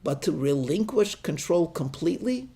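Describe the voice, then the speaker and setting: A male rabbi giving a sermon, telling a parable with deliberate, slowed emphasis. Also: on the high side, sing-song, vocal fry, warm tone.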